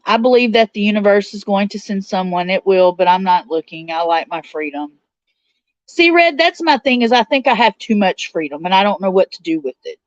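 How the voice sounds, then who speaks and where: A woman's voice: medium pitch, expressive, brisk, dry recording. Chatty woman host reading her chat. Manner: chatty, reads viewer comments aloud and answers them. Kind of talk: casual livestream chat. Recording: dull, slightly lo-fi sound.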